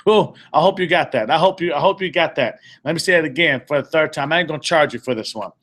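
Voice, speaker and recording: Quick and fairly bright, his voice lands on the high side. As a motivational speaker leading a group before a live crowd, he's emphatic and repetitive, circling back to his points and sometimes stumbling over words.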